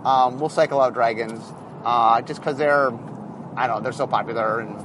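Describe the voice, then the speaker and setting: A male game designer in a casual, animated monologue, thinking aloud as he explains design choices. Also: mid-range voice, moderate pace, noisy background.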